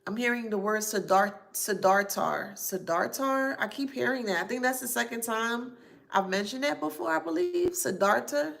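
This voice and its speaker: A woman's voice: a little high, expressive, moderate pace, creaky, a bit bright. A woman giving a psychic reading to camera, listing names and places she says she hears and spelling some of them out letter by letter. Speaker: psychic reader.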